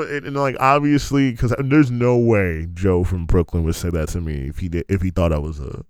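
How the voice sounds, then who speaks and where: A man's voice: deep voice, a little mellow, no echo. A man telling stories in a loose, rambling monologue, laughing often and restarting his sentences.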